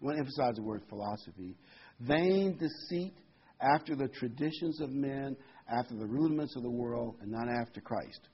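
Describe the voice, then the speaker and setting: Emphatic husky male preacher. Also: mid-range voice, fairly quick, few pauses. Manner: emphatic, repeats phrases, rising and falling loudness. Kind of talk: prophecy sermon with scripture reading. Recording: dull lo-fi sermon recording.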